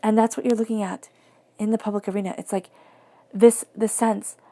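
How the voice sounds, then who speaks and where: A woman giving a tarot reading in a soft, flowing, reflective way, sometimes dropping to near-whispers. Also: mid-range voice, flat delivery, fairly quick. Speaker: tarot reader.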